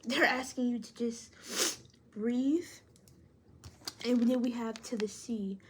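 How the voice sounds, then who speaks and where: A woman's voice: fairly high pitch, slow pace, slight background noise. A woman reading tarot to camera, encouraging and speaking straight to the viewer, thinking aloud as she pulls cards. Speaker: tarot reader.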